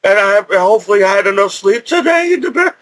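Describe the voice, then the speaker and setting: A middle-aged man telling rambling stories in a casual, excitable way, repeating himself and restarting often. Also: high voice, fast talker, poor audio.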